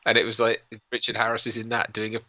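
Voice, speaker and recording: A man's voice: on the low side, monotone, quick pace, bright, forceful tone, no room sound, lo-fi sound. A man co-hosting a casual live stream, ill with a cold, rambling and hesitant with many fillers. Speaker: co-host. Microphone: lavalier mic.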